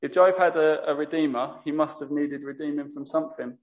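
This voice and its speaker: Male lay preacher, earnest and self-correcting, higher monotone, muffled recording. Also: fairly quick. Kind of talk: sermon.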